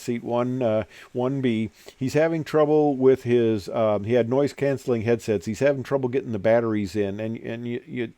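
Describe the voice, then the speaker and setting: Older guy rambling thru pilot stories, lots of uhs, warm mellow voice, dry sound. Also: mid-range voice, no echo. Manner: rambling with many fillers, dry jokes. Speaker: retired airline pilot telling stories. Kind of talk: casual storytelling.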